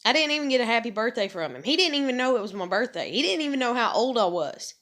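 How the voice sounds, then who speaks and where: Woman in her thirties, high bright voice, angry profane venting vlogger. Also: lively intonation, fast talker. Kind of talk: angry confessional rant.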